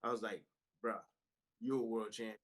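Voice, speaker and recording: A man's voice: on the low side, moderate pace, low-quality recording. A man in his forties, a former fighter turned boxing analyst, telling stories in a casual interview and acting out the dialogue. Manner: animated, acts out quoted dialogue.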